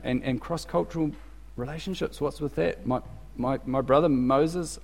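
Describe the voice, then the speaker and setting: A man acts out a resentful woman owning up to her prejudice in a halting, hesitant voice. The words trail off and restart as she admits it. A long echo hangs in the church around her. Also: mid-range voice, gravelly, a little mellow. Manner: halting, confessional.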